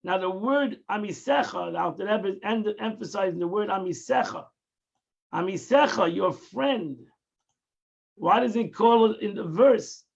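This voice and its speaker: A man's voice: high-pitched, moderate pace, vocal fry, darkish tone, muffled recording. A man teaching a daily Tanya lesson, explaining patiently, repeating and restarting phrases and mixing in Hebrew terms. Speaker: Torah teacher.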